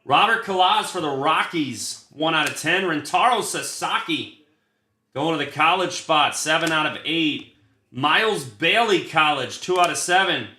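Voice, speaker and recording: Man, card break host, casual and profane, crisp bright tone, roomy echo, rattles off names. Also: fairly high pitch, animated, unhurried. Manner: chatty, swears freely, rattles off card lists. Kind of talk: casual livestream chat while opening cards.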